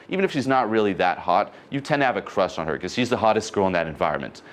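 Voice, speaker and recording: A man coaching an audience on dating, talking in an animated way and acting out conversations. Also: sits low, very fast, few pauses.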